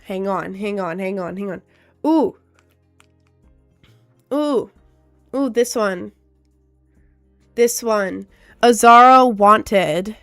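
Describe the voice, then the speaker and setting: A woman livestreamer and musician chats casually, reading viewer comments aloud in a mid-range, gravelly, darkish voice that is very slow with frequent pauses, faint music behind her. Congested after a cold, she sounds nasal and fills her talk with "um" and "like."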